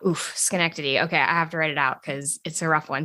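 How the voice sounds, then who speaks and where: A woman's voice: sits low, steady tone, normal speed, few pauses, fairly bright tone. A woman from New York State, a singer-songwriter guest on a podcast, talking casually with frequent laughs and lots of "like". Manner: giggly, chatty, heavy use of "like". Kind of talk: casual conversational interview.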